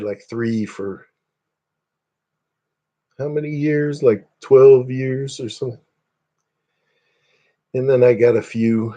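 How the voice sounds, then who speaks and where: A mid-range, dark-toned male voice belongs to a livestream host chatting casually with live viewers. His talk rambles, full of jokes and self-deprecation.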